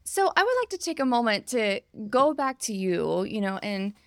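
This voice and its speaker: A woman's voice: fairly high pitch, sing-song, normal speed, a bit bright, dry recording, clean studio sound. A woman hosting a podcast interview, responsive and laughing along with her guest. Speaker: podcast host. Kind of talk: casual interview.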